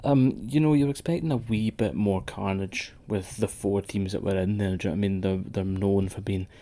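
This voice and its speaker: A man's voice: lowish voice, fairly even intonation, brisk, mellow. A man co-hosting a wrestling podcast in sweary, rambling casual chat. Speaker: podcast co-host.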